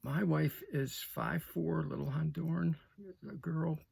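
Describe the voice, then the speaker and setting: A man's voice: on the high side, fairly even intonation, a little slow, gravelly, darkish tone, slightly rough. An older man giving an emphatic political opinion monologue, repeating phrases and checking in with "okay?". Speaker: political commentator.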